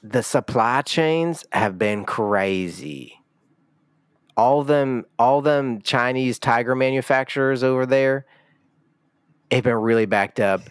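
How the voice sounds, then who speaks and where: A man's voice: medium pitch, slow, clear, resonant tone, no echo, clean studio sound. A man playing an apologetic store clerk in an improvised comedy bit. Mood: folksy.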